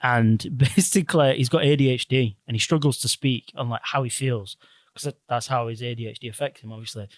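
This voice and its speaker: This young podcast host has a medium-pitched, brisk voice recorded with no room sound. In casual chat, he tells a story with lively energy, swearing heavily and dramatizing every quote.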